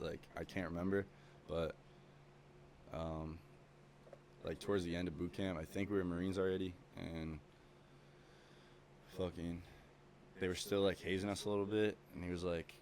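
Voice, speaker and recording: A man's voice: deep voice, slight background noise. A young man talking as a podcast guest, telling stories in a rambling way with lots of swearing and fillers. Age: young adult. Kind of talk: casual chat.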